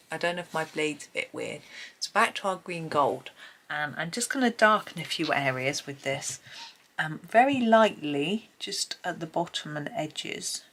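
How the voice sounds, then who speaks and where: A woman hosting a casual colouring tutorial at home, chatting and thinking aloud as she works, with frequent pauses and hesitations. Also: sits low, a bit bright, a little hiss or hum. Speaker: colouring channel host. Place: home, at a desk with a tripod camera. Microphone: camera on a tripod.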